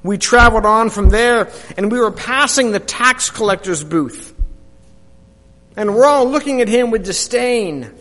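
Brief: a high-pitched male preacher in dramatic monologue, slow and animated, reverberant hall. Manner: animated storytelling, hushed to shouting. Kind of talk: first-person dramatic monologue.

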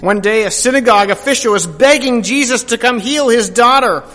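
Brief: a high-pitched male preacher in dramatic monologue, slow and animated, reverberant hall. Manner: animated storytelling, hushed to shouting. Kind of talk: first-person dramatic monologue.

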